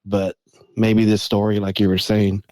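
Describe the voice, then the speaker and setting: A low-voiced man chats as a podcast guest, loose and rambling as he works his way through a point. The sound is dry and close. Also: little pitch movement, moderate pace, mellow, no echo, rough recording. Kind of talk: casual podcast chat.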